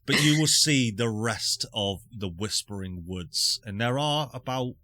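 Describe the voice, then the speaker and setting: A man running a tabletop game, his voice bright and forward. He describes scenes in loose, meandering sentences full of fillers. The delivery is relaxed and improvised. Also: fairly low pitch, unhurried, no echo. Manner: loose, rambling narration with fillers. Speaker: game master.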